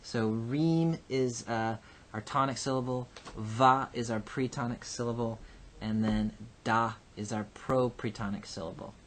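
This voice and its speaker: A man teaching a recorded Hebrew grammar lesson. He explains patiently and slowly, with frequent ums and uhs. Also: mid-range voice, steady tone, slight background noise. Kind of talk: recorded lecture.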